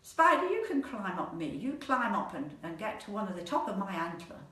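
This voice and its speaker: A woman voicing a big, gentle male moose in a told story, giggly and good-natured. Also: mid-range voice, big pitch swings, fairly quick, reverberant.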